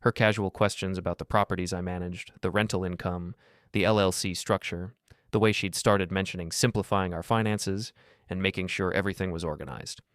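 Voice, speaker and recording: A man tells a first-person story in a calm, measured voice that sits very low. The recording is dry and close, with no room sound at all. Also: smooth, no echo. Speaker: narrator.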